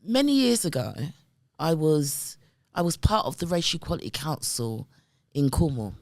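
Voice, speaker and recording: A middle-aged woman, a guest, telling stories in an emphatic, animated way and often checking in with her listener. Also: sits low, moderate pace, dry recording, clean studio sound. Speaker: guest, community development worker. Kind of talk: conversational storytelling.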